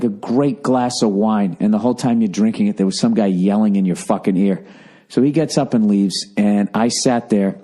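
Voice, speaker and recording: A man's voice: lowish voice, mellow. A man with an American accent, ranting in a profane, exasperated comic monologue, talking to listeners. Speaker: comedian.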